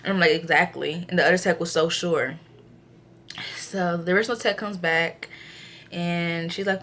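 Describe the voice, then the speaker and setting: Chatty young woman retelling her day. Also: moderate pace. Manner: animated retelling, acts out others' quotes, filler-heavy; subdued, low energy at times. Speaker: vlogger. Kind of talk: casual storytelling to camera.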